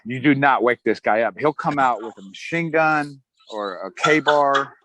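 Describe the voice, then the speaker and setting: A man's voice: medium pitch, unhurried, noisy background. A middle-aged man, an Army veteran, telling his story casually in an interview, acting out other people's lines with a chuckle. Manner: relaxed, chuckling, acts out quotes of others.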